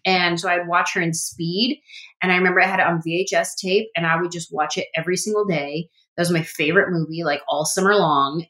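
A woman comedian as a podcast guest, telling animated stories and acting out her own quotes. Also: lowish voice. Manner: animated storytelling, acts out quotes. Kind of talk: casual interview chat.

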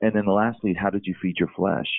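A man telling a personal story in a casual, halting way, often repeating words. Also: low voice, fairly even intonation, gravelly, dry recording. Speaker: guest. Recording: tinny phone-like line.

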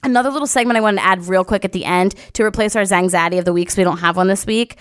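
A woman's voice: mid-range voice, very fast, clear, resonant tone. A woman in her twenties co-hosting a podcast, telling stories in a brash, profane, casual way. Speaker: podcast co-host. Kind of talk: casual chat.

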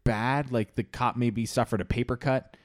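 A man's voice: medium pitch, steady tone, normal speed, dry recording, clean studio sound. A man hosting a comedy podcast in a casual, rambling way, full of fillers. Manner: rambling, filler-heavy, chuckling. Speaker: podcast host.

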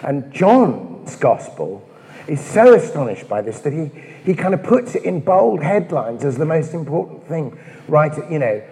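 A priest giving a conversational talk on prayer, full of asides and rhetorical questions. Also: male voice, fairly high pitch, sing-song, moderate pace, warm tone. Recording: long hall reverb.

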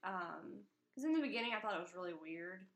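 A woman's voice: fairly low pitch, lively intonation, fairly quick. A young woman co-hosting a podcast, talking hesitantly with many fillers and small laughs. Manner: hesitant, giggly, filler-heavy. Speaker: podcast co-host. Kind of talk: casual chat.

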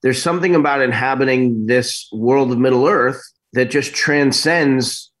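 A middle-aged man telling stories as an interview guest, in an animated, rambling way that keeps breaking off and restarting. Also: mid-range voice, normal speed. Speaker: actor guest. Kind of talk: casual interview storytelling.

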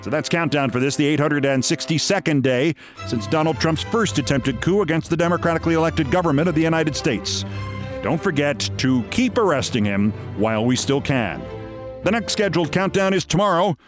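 A man's voice: fairly high pitch, animated, brisk, over music. A man hosting a show and delivering a sardonic, theatrical commentary monologue. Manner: sardonic, dryly theatrical storytelling. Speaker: host.

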